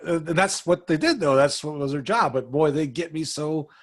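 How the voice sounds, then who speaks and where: A man's voice: fairly high pitch, lively intonation. A man hosting a podcast, asking questions in a casual interview with an eager, fan-like manner. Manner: eager, fan-like, quick backchannel replies. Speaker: podcast host.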